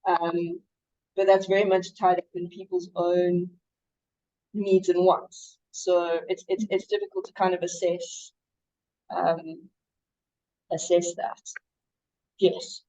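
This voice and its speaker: A woman's voice: fairly low pitch, flat delivery, slow pace, long pauses, dark tone. A woman historian answering questions at a seminar in a chatty way, with many restarts and some laughter. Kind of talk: academic seminar Q&A. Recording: dull lo-fi sound.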